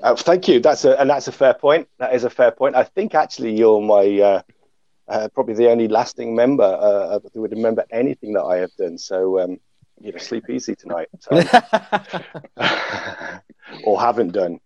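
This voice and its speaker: A man's voice: lowish voice, normal speed, a little mellow, no room sound, highs cut off. A man hosting a casual panel chat, self-deprecating, with many fillers and restarts. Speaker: podcast host.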